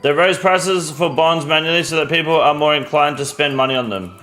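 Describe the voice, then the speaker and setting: A man's voice: a little high, brisk, fairly bright tone, faint music behind. An Australian man live-streaming a game, chatting bluntly and answering viewers' questions, swearing freely. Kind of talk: casual live-stream chat.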